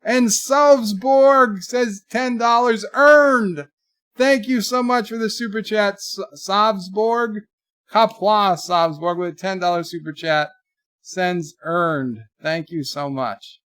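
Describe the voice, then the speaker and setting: Chatty male streamer in his forties, slightly high voice, reads out chat messages, dry close sound. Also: slow pace, fairly bright tone, no echo. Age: 40s. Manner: chatty, reads viewer messages aloud in a lifted voice. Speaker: livestream host. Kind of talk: casual live commentary, reading viewer chats.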